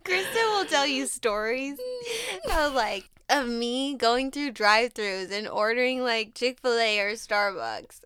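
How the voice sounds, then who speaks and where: A woman's voice: fairly high pitch, measured pace, background noise. A young woman co-hosting a casual chat podcast. She giggles often and trails off into filler words. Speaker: podcast co-host.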